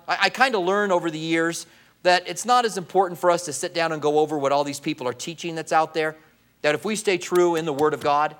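Male pastor, middle-aged, lively conversational sermon delivery, a little high-pitched. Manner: conversational, animated Bible teaching with fillers.

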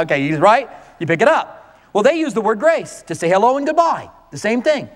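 A male pastor preaching a conversational, animated sermon to his congregation. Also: high voice, brisk, long reverb tail.

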